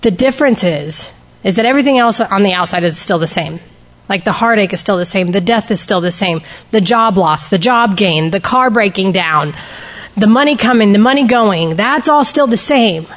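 A woman's voice: mid-range voice, animated. Woman sharing her recovery story. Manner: candid, emotional, speeds up and slows down for emphasis. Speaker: speaker sharing at a recovery meeting. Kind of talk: personal testimony to a group.

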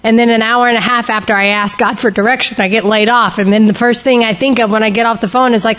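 A woman's voice: fairly high pitch, fairly even intonation, quick pace, hardly any pauses, a bit bright. A woman speaking candidly and emotionally to a recovery group, sharing her personal testimony and shifting her pace for emphasis.

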